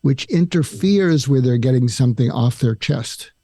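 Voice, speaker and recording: Gravelly older man, mellow tone, patient explainer acting out sample lines, dry recording. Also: medium pitch, moderate pace, no echo. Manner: calm, explains step by step, acts out example lines. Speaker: psychiatrist guest. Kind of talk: advice in a podcast interview.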